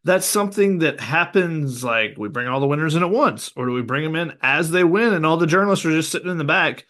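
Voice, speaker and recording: Male co-host, slightly high voice, wry and joking, casual chat. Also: expressive, fairly quick, fairly bright tone. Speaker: podcast co-host. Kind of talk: casual sports podcast chat.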